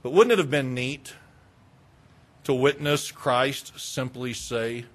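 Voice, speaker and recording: A man preaching a sermon, retelling a story dramatically with repetition and swinging between loud passion and hushed quiet. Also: medium pitch, slow pace, pauses often. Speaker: pastor.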